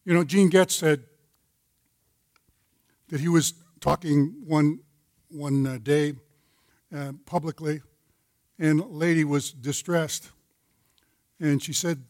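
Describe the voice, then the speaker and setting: High-voiced older man teaching a men's Bible study. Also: slow pace, pauses often, darkish tone, no echo. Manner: storytelling, folksy, with scripture references. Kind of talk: sermon-style teaching.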